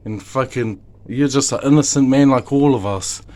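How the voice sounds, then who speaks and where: New Zealand dad, mid-pitched, emotional and rambling plea to camera, heavy swearing. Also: male voice, moderate pace, darkish tone. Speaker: father; video maker. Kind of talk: impassioned direct-to-camera monologue.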